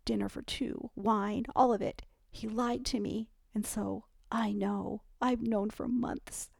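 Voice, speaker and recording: Woman doing a sad drunk young wife, low and halting, gravelly. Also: steady tone, darkish tone, dry recording, studio quality, heavily acted. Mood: hurt. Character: drunk, grieving young wife, fragile and hurt.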